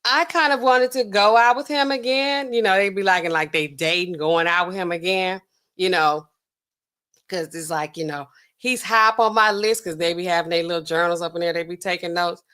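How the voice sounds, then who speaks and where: A woman's voice: fairly low pitch, fairly quick, clean tone. A woman hosting a livestream, casually retelling a dating show with AAVE speech and acting out the people in it. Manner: animated, acts out dialogue with voices. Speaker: livestream host. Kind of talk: casual storytelling chat.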